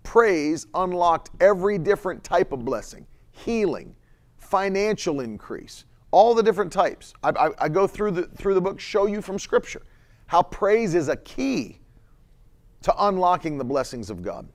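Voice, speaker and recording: Male preacher, sermon, lively swooping delivery, slightly high voice, stretched emphatic words. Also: moderate pace. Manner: laughs between points, reads chat comments.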